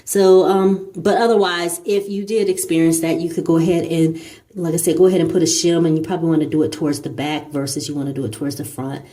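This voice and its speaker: A woman's voice: deep voice, little pitch movement, quick pace, mellow. A woman talking casually through a home repair job in a small bathroom, rambling with fillers and restarts as she works. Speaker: DIY home improvement vlogger. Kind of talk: casual how-to narration.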